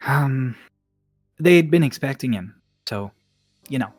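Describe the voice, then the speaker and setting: A blunt, easygoing Cockney woman, voiced by a man running a tabletop game, tosses off her story in clipped street slang. Her voice sits a touch high and lively over faint background music, recorded dry and close. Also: takes it slowly, no echo. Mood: offhand.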